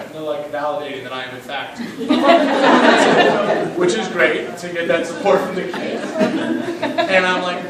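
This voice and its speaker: A man's voice: high voice, big pitch swings, normal speed. A man who is a school principal, telling an emphatic story at a fundraiser and often asking "right?". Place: event room. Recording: echoey room, distant mic, noisy.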